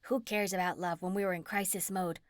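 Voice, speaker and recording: A woman voicing a feisty, husky older woman who is impatient and patronizing. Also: fairly low pitch, fairly even intonation, a little fast, no echo, clean studio sound, close to an everyday voice.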